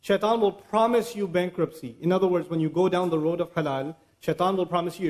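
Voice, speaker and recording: Guy with a high voice doing a religious talk, chatty and animated, drops arabic verses in. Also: brisk, hardly any pauses. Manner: animated, conversational, mixes in Arabic recitation. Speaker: Islamic lecturer. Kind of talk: religious lecture.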